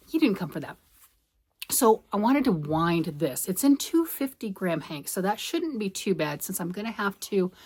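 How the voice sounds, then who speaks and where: A woman's voice: lowish voice, darkish tone. A middle-aged woman rambles cheerfully through a knitting vlog, thinking aloud as she works. She sounds a little out of breath, and her talk wanders from point to point. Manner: chatty, rambling, self-talk while working. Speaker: knitting vlogger. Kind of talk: casual chat.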